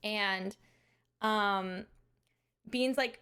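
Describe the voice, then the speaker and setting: A woman streamer hosting a charity fundraiser, telling a story in casual chat, animated, laughing often and swearing casually. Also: medium pitch, moderate pace, long pauses, clear, resonant tone.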